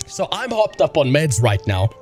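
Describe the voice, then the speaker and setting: A sick, medicated man from Africa, rambling and swearing through casual livestream chat as the host. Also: on the high side. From South Africa. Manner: profane, excitable, rambling. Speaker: streamer.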